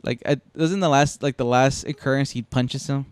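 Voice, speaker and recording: A man's voice: mid-range voice, fairly even intonation, moderate pace, smooth, dry recording. An easygoing man with a mid-range voice chats on a podcast. He agrees often and tells stories loosely. The sound is dry and close. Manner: easygoing, frequent agreeing "yeah". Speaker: podcast co-host. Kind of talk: casual chat.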